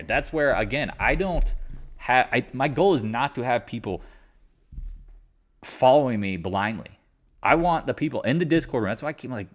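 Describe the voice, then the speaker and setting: A man in his forties from North Carolina hosting a casual live market chat, blunt and swearing, often trailing off and restarting. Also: medium pitch. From Raleigh, North Carolina.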